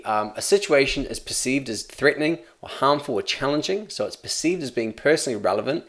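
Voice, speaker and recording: Man, Australian accent, psychology teacher, casual video tutorial, upbeat, chatty, mid pitch.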